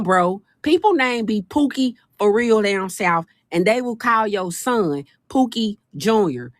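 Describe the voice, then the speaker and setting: A woman hosting a casual livestream, talking in an animated, folksy and teasing way. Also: mid-range voice, no room sound, studio quality. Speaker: livestream host. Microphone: phone.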